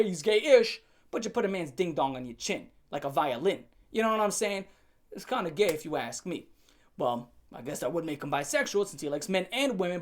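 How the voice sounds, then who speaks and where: A woman hosting an opinion rant to camera, blunt and profane with a sarcastic edge, pushing her points with sharp jumps in pitch and loudness. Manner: emphatic, swings up and down in pitch and loudness. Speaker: commentary channel host.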